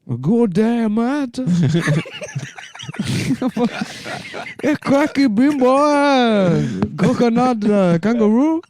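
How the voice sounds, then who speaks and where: A man putting on an over-the-top Australian bloke voice as a joke, loud and high. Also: sing-song, racing, few pauses, a crowd in the background. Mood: goofy. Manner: loud exaggerated joking, high pitched.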